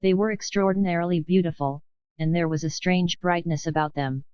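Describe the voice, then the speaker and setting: A woman narrating a children's audiobook in a measured, expressive reading. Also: fairly low pitch, smooth, no echo, lo-fi sound. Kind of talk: scripted storybook narration.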